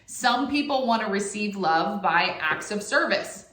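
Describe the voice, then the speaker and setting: A woman's voice: medium pitch, unhurried. Chatty woman in an echoey room. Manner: chatty and expressive, acts out quotes. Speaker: YouTube host. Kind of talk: casual to-camera talk.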